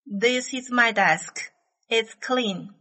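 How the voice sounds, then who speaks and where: A woman reading numbered items from an English listening test, each phrase slow, carefully spaced and evenly paced. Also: on the high side, bright, forceful tone, low-quality recording.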